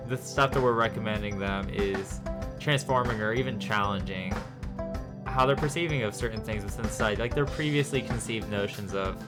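A man's voice: fairly low pitch, moderate pace, loud music behind the voice. A man co-hosting a faith and film podcast, reflecting at length in a thoughtful, rambling way. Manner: thoughtful, rambling, many fillers. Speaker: podcast co-host. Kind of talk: casual chat.

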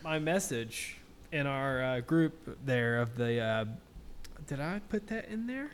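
A man in his thirties hosting a casual podcast, telling rambling, excited, profane stories. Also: medium pitch, slow, a little hiss or hum. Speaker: podcast host. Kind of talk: casual chat.

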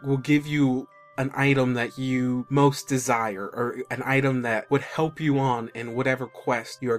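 A man improvising a story in a casual group game, rambling with many fillers. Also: medium pitch.

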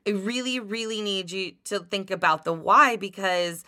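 A woman's voice: medium pitch, normal speed, bright, forceful tone, no echo, studio quality. A woman co-hosting a podcast in casual chat, speaking earnestly and with emphasis. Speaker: podcast co-host.

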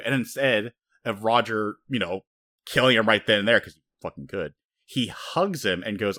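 A man co-hosting a casual podcast, rambling and animated as he retells story scenes, slipping into quoted voices. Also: on the low side, normal speed. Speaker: podcast co-host. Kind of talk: casual anime discussion.

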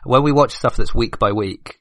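A man's voice: mid-range voice, moderate pace, no echo, clean studio sound. A man who is a podcast guest, chatting casually and rambling, laughing often as he talks.

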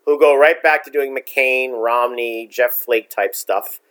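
A man's voice: medium pitch, fairly even intonation, measured pace, fairly bright tone, clear, resonant tone. A middle-aged man co-hosting a casual political chat, opinionated and blunt, ranting in long runs. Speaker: podcast co-host.

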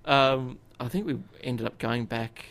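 Gravelly man telling a story. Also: mid-range voice, unhurried. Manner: animated storyteller with frequent fillers and restarts. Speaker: podcast co-host. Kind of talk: casual chat, storytelling.

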